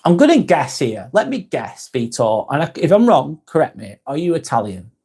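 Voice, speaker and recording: A man's voice: on the high side, big pitch swings, normal speed, a little mellow, breathy edge. A man from northwest England, hosting a live stream in a casual chat style, reading viewer comments aloud and replying in a friendly way.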